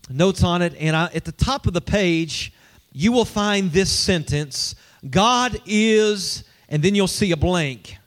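High-voiced preacher with a lilt. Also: male voice. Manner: conversational, humorous, engages the congregation. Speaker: pastor. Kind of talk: sermon.

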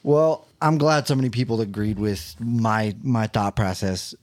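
A man's voice: lowish voice, measured pace. A young adult man co-hosting a casual podcast, swearing freely and laughing often. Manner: profane, laughing, animated. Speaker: podcast co-host.

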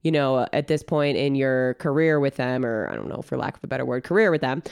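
A woman's voice: a bass voice, brisk, creaky, clear, resonant tone, no echo, studio quality. Casual woman coach with a stuffy nose. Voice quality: nasal from a cold. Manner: relaxed, filler-heavy, coaching tone. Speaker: podcast co-host and trainer. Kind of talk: casual podcast chat.

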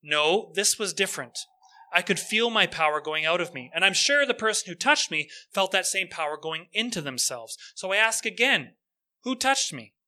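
Bright, high-pitched preacher's voice for a calm and firm male teacher, spoken with quiet authority. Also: normal speed, full character voice. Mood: insistent.

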